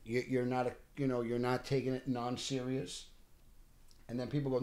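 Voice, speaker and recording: A middle-aged man, an actor telling animated stories on a podcast. He often restarts sentences and acts out what people said. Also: medium pitch, fairly quick. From Bensonhurst, Brooklyn, New York. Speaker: actor guest. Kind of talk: casual podcast storytelling.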